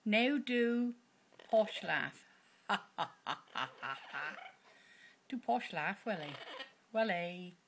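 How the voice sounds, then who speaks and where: Lady sweet-talking her parrot, voice bouncing up and down, slow, noisy home video. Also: mid-range voice, expressive. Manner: coaxing, sing-song pet talk. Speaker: pet owner coaxing her parrot.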